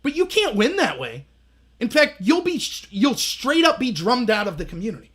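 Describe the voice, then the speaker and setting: With an extremely high-pitched, husky voice at normal speed, this man in his thirties hosts a livestream. He spins lively stories in a casual commentary style and performs the voices of anyone he quotes.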